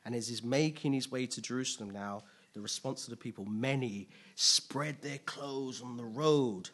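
A man preaching a sermon, asking rhetorical questions, making playful asides and building to loud, emphatic peaks. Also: medium pitch, moderate pace. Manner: casual asides with playful humor.

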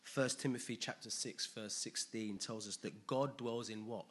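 A man preaching a sermon, emphatic and animated, asking his listeners rhetorical questions. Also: lowish voice, normal speed, slightly rough.

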